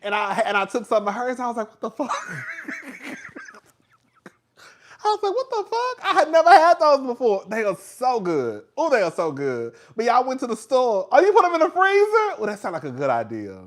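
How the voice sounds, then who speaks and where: A man hosting a casual livestream, chatty and animated, laughing often, with slang and swearing. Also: extremely high pitch, a little fast, few pauses. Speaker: host.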